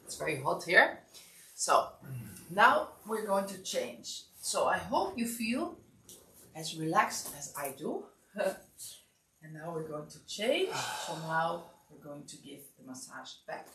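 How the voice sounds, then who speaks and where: A woman teaching a massage class, giving calm step-by-step instructions in a relaxed, drowsy way. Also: on the low side, slow pace, slight background noise. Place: warm room. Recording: echoey room, distant mic.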